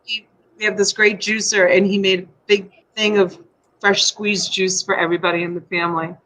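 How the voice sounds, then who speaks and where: A woman's voice: mid-range voice, little pitch movement, moderate pace, fairly bright tone, poor audio. Chatty middle-aged woman hosting a live stream from home, talks on and on, gushy. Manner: chatty, rambling, effusive. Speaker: live-stream host selling items. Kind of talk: casual live-stream chat. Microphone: USB desk mic.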